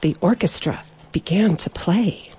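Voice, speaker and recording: A woman reading a children's story aloud, slowly and expressively, giving the characters their own voices. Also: on the low side, dark tone, husky.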